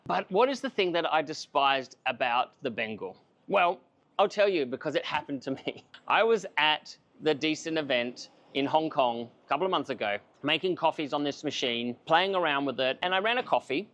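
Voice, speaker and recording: A man's voice: a little high, a bit bright. A man giving a casual, enthusiastic coffee machine review to camera, chatty and self-mocking.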